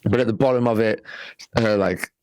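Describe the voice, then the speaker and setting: A man's voice: lowish voice, normal speed, no room sound, rough recording. Rambling, swearing young man telling a story. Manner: rambling, animated, heavy on fillers and swearing. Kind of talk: casual storytelling.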